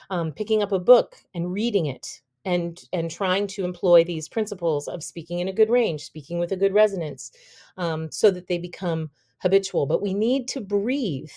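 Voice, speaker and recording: A woman's voice: lowish voice, darkish tone. A woman, a vocal health expert guest on a podcast, explaining and demonstrating speaking habits, often checking in with "okay?". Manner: demonstrates voices while teaching, says "okay?" often.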